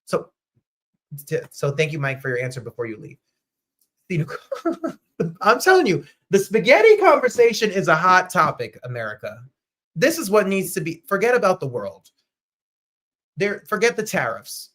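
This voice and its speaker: A man hosting a live online show, chatting casually and animatedly, with sudden jumps to loud, high outbursts. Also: wildly swooping pitch, moderate pace, pauses often. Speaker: host. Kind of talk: casual livestream chat.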